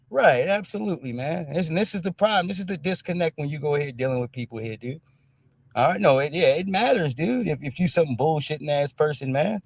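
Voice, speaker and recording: A man hosts a casual live-stream commentary in blunt, profane street talk, his gravelly, high-leaning voice animated and a little fast. He speaks emphatically, constantly tagging his points with "all right?" The recording is dry.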